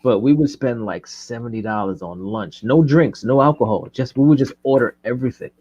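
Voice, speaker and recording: A man's voice: mid-range voice, a little fast, dark tone, lo-fi sound, slight background noise. A man co-hosting a casual live chat, telling rambling stories and laughing often. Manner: loose, joking storyteller, laughs often. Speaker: co-host.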